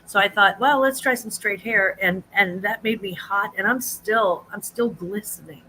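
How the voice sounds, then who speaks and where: A woman hosting a casual live chat, rambling easily and greeting her viewers in a high sing-song. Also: normal speed, sharp tone, slight background noise, low-quality recording. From United States. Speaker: livestream host.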